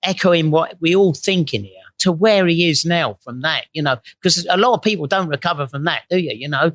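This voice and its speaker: Sweary storyteller, dry sound. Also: male voice, on the high side, brisk, a bit bright, no echo. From England. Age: middle-aged. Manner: blunt, sweary, rambling with tag questions. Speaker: guest. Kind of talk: anecdotal storytelling before a live audience.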